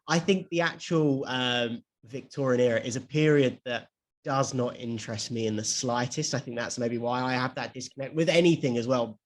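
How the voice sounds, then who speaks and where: A young man co-hosting a podcast in casual chat, chatty and quick to laugh, swearing now and then. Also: medium pitch. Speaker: podcast co-host.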